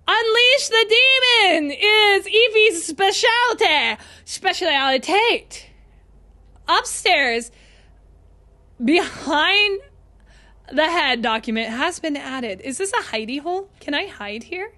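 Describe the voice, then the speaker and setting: Woman streamer, squeaky and excitable, high bright voice, live game commentary. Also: slow pace. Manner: excitable, chatty, talks to chat.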